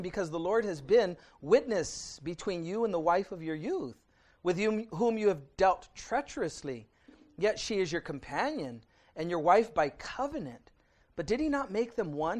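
A middle-aged man preaching a midweek sermon and reading scripture aloud, conversational, often asking his congregation "right?", swinging between loud emphasis and quiet intensity. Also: high-pitched. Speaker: pastor.

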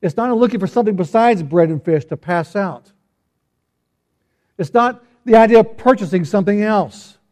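In an easygoing sermon delivered at a moderate pace, a pastor teases his listeners and throws out rhetorical questions. His soft tone sits a bit high for a man, and he thinks aloud with frequent stumbles, restarts, and repeated words.

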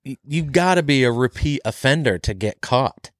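A man's voice: mid-range voice, lively intonation, normal speed, no room sound, clean studio sound. A man co-hosting a podcast in casual chat, laughing easily and restarting his sentences. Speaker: podcast co-host.

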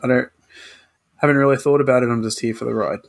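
A young Australian man co-hosting a podcast, chatting in a quick, friendly way. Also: mid-range voice, steady tone, vocal fry. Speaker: podcast co-host. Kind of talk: casual podcast chat.

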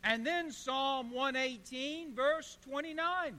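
A male pastor delivers a sermon at an unhurried pace, stacking one emphatic phrase after another. His voice sits very high and bright. The sound rings with the long reverb of a church hall. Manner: emphatic repetition, call-and-response with congregation. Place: church sanctuary.

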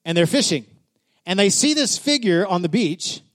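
High-voiced, animated male preacher. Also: moderate pace. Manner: animated storyteller, builds to shouting. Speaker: pastor. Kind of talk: sermon.

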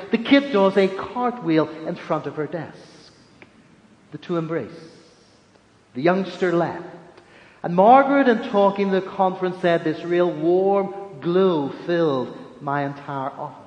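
A man preaching a sermon as a religious leader, measured, slowing down for emphasis. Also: high-pitched, highs cut off. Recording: echoey hall.

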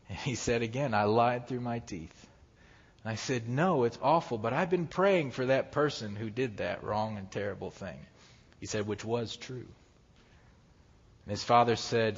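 A man's voice: lowish voice, unhurried, long pauses. A man preaching a sermon, telling a story and acting out the voices of the people in it. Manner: animated storyteller who acts out quoted voices. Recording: dull sound with long hall reverb.

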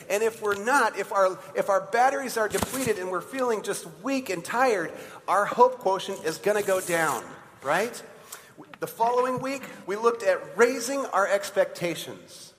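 A man's voice: sits high, fairly bright tone. A man preaching as pastor in a conversational way, asking the congregation questions. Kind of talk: sermon. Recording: long church hall reverb.

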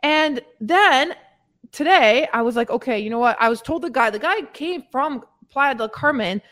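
A woman with a fairly high voice that swings widely in pitch, speaking as a weight-loss coach in a casual motivational podcast. She talks candidly and chattily, addressing her listeners as ladies and letting the odd swear word slip. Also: lively intonation, moderate pace, a bit bright.

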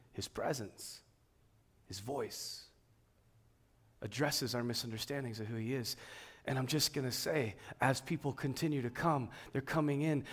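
A man preaching a sermon, swinging between emphatic, raised passages and quiet, hushed ones. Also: mid-range voice. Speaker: pastor.

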